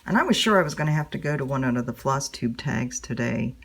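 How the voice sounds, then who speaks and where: A woman with a very low, gravelly voice chats casually as she stitches. Her tone is husky and a little rough, and she rambles along with plenty of fillers, talking straight to her viewers. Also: lively intonation, fairly quick. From United States. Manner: rambling, chatty, with many fillers. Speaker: cross-stitch vlogger.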